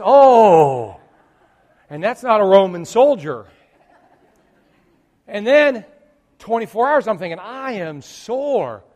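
A pastor with a high voice preaches with animated storytelling and acts out his groans. His voice rings with a long reverb in a church hall. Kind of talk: sermon.

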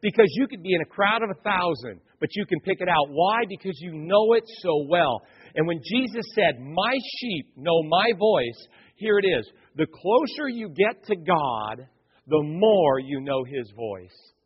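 A man preaches from the pulpit in a high, husky voice, firing rhetorical questions at the room and dropping to near-whispers between bursts. His words ring out with long reverb through a church hall, and the recording has a dull, muffled sound. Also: unhurried. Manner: animated preaching, rhetorical questions, swings between loud and hushed. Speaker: pastor. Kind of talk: sermon. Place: church sanctuary.

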